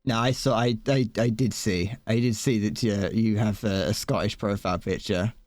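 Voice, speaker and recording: A man's voice: on the low side, fairly even intonation, moderate pace, darkish tone, dry recording. A young British man streaming live, chatting casually in a rambling, self-deprecating way with frequent chuckles, close to a desk microphone. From Britain. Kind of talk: casual chat while gaming live.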